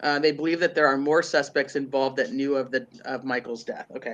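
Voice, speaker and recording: A man's voice: medium pitch, little pitch movement, brisk, few pauses, fairly bright tone, dull audio. A congested man co-hosting a true crime livestream, rambling and thinking aloud with lots of fillers. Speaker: livestream co-host.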